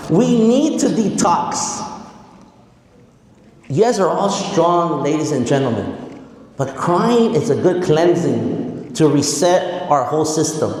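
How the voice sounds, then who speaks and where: A man in his forties giving an energetic motivational speech to students as a guest speaker. He quizzes the audience and drops Spanish words into his talk. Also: sits high. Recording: echoey hall with long reverb.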